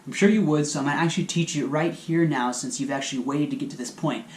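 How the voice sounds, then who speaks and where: A man's voice: a little high, fast talker, a little hiss or hum. A man hosting a magic channel, chatting casually and talking viewers step by step through hand moves. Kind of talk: casual video tutorial. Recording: echoey room.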